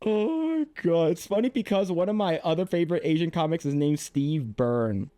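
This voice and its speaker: A man's voice: fairly high pitch, brisk, dark tone, dry recording. A man streaming casual reaction commentary, rambling and repeating himself as he talks. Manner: rambling, repeats words, frequent laughs.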